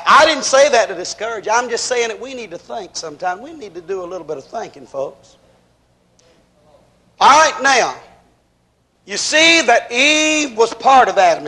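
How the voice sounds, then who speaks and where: A preacher delivers a fiery sermon in a strikingly high voice. He climbs into shouts and then drops to low, quiet asides, drawing out his emphatic phrases. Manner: impassioned, rising to shouts then dropping low.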